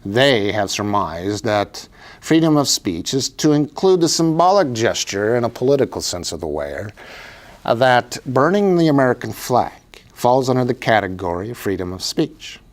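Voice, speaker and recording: A man's voice: medium pitch, sing-song, normal speed. A man giving an emphatic, preachy political commentary monologue as a write-in candidate, repeating phrases for effect. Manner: emphatic, repetitive, preachy delivery.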